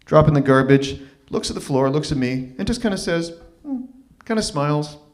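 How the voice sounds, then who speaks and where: A man's voice: fairly high pitch, lively intonation, brisk. Man, live storytelling set, wry, self-deprecating, stammering restarts, small venue stage. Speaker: open mic performer.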